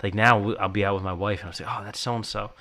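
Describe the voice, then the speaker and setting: A man in his thirties hosting a podcast, talking in a relaxed, reflective way. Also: lowish voice, quick pace. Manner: relaxed, reflective, quotes himself. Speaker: podcast host. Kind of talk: casual chat.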